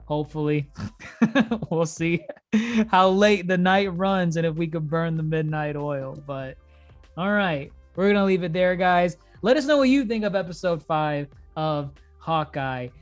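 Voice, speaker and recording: A man hosting a casual podcast about TV shows, chatting loosely and laughing between his points. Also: on the high side. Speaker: podcast host.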